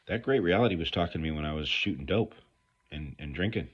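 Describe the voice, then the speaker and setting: Middle-aged guy, low raspy voice, rambling and cussing through his sobriety talk. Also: lively intonation, fast talker. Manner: blunt, profane, rambling storytelling. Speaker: recovery speaker. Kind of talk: candid recovery talk to viewers. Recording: dull lo-fi recording.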